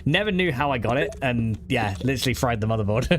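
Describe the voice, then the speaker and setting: A man with a mid-range voice and lively intonation streams a modded block-building game, chatting casually as he plays. He talks very fast with hardly any pauses, rambling with lots of "like" and laughing often, over slight background noise.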